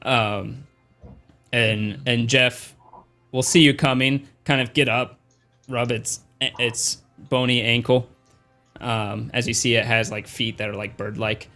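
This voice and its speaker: A man narrating a tabletop game as game master in a casual, halting way. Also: mid-range voice, fairly even intonation, sharp tone, faint music behind.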